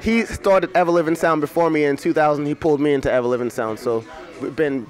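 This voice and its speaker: A man's voice: on the high side, steady tone, quick pace, faint music behind, some chatter behind. Laid-back joking young rapper, man. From England. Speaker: rapper guest. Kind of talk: casual interview chat.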